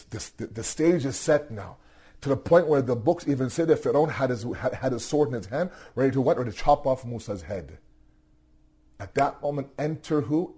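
A man giving a religious storytelling lecture, animated, asking rhetorical questions and repeating his words. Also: medium pitch, slightly rough. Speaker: religious teacher.

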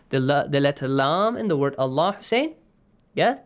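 A man teaching Quran recitation rules. He explains patiently, checks in with his students, and chants verses in a slow, stretched way. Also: on the high side, lively intonation. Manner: patient, checks in often with "okay?" and "yes?". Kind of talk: online class, explaining and reciting.

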